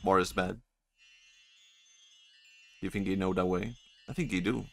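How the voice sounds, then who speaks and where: A man's voice: low voice, fairly even intonation, measured pace, creaky, soft background music. A male streamer giving casual, joking commentary while playing a game, laughing often and swearing freely.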